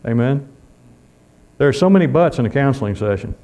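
A man's voice: mid-range voice, lively intonation, fairly quick, mellow. A man preaching a sermon in a folksy way, calling out amen often.

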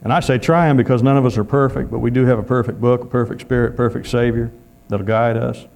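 A man's voice: mid-range voice, steady tone, fast, vocal fry, darkish tone. A man preaching a sermon in a folksy way, calling out amen often.

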